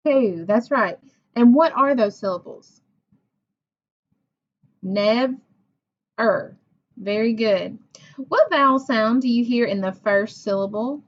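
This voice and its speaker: A woman teacher leading a phonics lesson for young children. She talks slowly and patiently, sounding out words and praising each answer. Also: on the high side. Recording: dull lo-fi recording.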